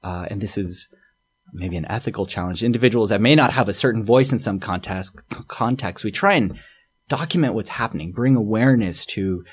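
A man speaking as an anthropologist guest in a relaxed interview, thoughtful and hesitant with many fillers and restarts. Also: fairly low pitch, a little fast, husky. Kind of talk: casual interview talk.

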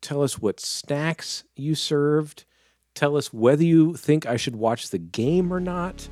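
A man's voice: fairly high pitch, takes it slowly, darkish tone. A man moderating a casual podcast, playful and teasing as he questions each panelist in turn.

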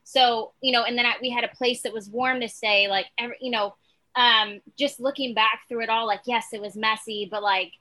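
A woman with a bright, somewhat high voice talks earnestly in a casual faith chat. Her talk is chatty and full of fillers. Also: fairly even intonation, fairly quick, poor audio.

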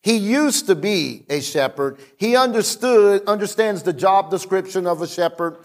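A male pastor delivering an energetic sermon, slowing down to repeat scripture lines for emphasis. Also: high voice. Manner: energetic, repetitive preaching with slowed emphatic quotes.

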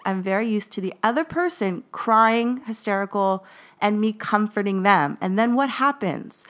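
A woman's voice: mid-range voice, a bit bright. A woman hosting her own podcast, telling a personal story in a chatty way, laughing often and checking in with "right?". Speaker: podcast host.

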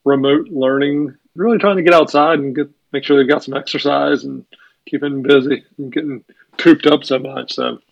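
A man's voice: mid-range voice, steady tone, normal speed, creaky, no echo. A middle-aged man co-hosting a podcast in casual chat from a small room at home. He jokes dryly, then talks in an earnest, reflective way with restarts. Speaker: podcast co-host. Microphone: remote home setup. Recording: dull lo-fi remote audio.

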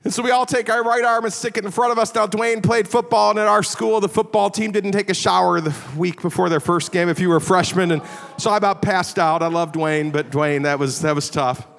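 A man's voice: high voice, fairly even intonation, a little fast, creaky, a bit bright. A middle-aged man from the Chicago area preaching a sermon, telling stories in a conversational, self-deprecating way. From Chicago area, USA. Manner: self-deprecating, conversational, often adds "all right?". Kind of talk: storytelling sermon. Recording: long reverb of a big hall.

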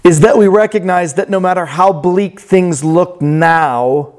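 Man, sermon, reflective then animated storytelling, unhurried delivery. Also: sits high. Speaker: pastor.

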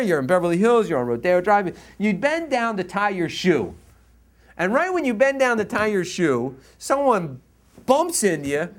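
A man from the US East Coast giving a religious teaching as a lively story, laughing often and acting out scenes. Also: high-pitched. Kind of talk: storytelling lecture.

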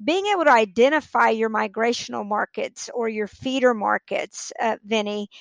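Podcast guest, woman, fairly high voice, businesslike, voice going, dry sound. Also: moderate pace, creaky, no echo. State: losing her voice. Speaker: podcast guest, real estate leader. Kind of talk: casual interview talk.

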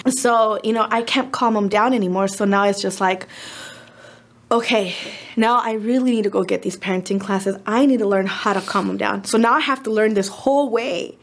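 A woman's voice: medium pitch, normal speed. A woman in her thirties, a podcast co-host, telling a family story in casual chat, acting out what people said and dropping in Spanish words. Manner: animated retelling with acted-out quotes.

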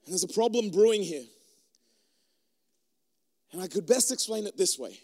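A man preaching a sermon to a room of people, animated and joking, and talking in a loose conversational way. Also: sits high, normal speed, long reverb tail. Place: room with an audience.

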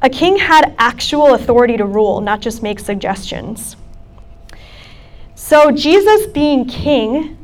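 Young woman preaching to college kids, kinda high voice, super chatty with lots of likes and ums. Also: animated, unhurried. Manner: casual, chatty preaching with many fillers. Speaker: campus ministry speaker. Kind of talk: sermon talk.

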